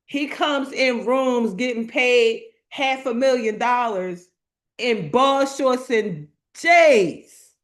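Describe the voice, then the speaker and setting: A woman whose voice runs on the high side gives a slow, emphatic motivational sermon to a live online audience. She speaks casually, says her lines more than once and reaches out to the chat.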